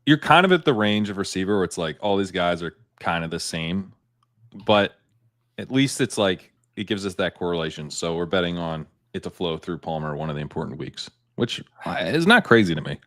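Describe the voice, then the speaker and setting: A man's voice: deep voice, expressive, a little fast, a bit bright. A man guesting on a casual podcast, easygoing, laughing often and making dry asides. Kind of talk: casual podcast chat during a fantasy football draft.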